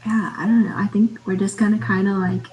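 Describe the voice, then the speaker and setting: A woman's voice: medium pitch, little pitch movement, a little fast, darkish tone, rough recording. A woman playing a tabletop game, chatting casually and hedging as she decides what to do. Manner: chatty, hedging, repeats words. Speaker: player.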